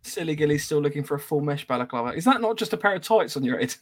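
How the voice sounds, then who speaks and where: A man's voice: a little high, lively intonation, rapid-fire. A man hosting a podcast, reading out viewer comments and laughing easily in casual chat.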